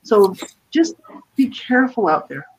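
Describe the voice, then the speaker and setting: A woman's voice: a little high, big pitch swings, unhurried, a little mellow, husky. A woman chatting casually, telling a story and giving brief encouraging replies. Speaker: conversation partner. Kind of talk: casual chat. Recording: dull lo-fi audio with faint noise.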